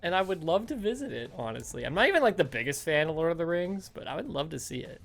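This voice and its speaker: A man hosting a casual podcast chat, animated and quick to laugh, with a casual swear here and there. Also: fairly high pitch, creaky, soft background music. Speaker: podcast host.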